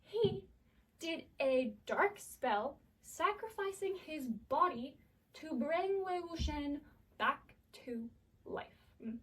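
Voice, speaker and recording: A woman's voice: high-pitched, expressive, takes it slowly, a bit bright, distant mic, rough recording. A woman recapping a drama series in a chaotic, profane, casual way, full of fillers.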